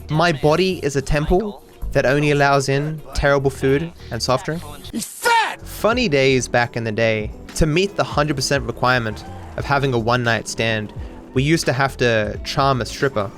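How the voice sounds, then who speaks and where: A young Australian man giving casual commentary over a speedrun, sarcastic and self-deprecating, with sudden excited outbursts. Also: mid-range voice, moderate pace, faint music behind. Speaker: speedrunning streamer.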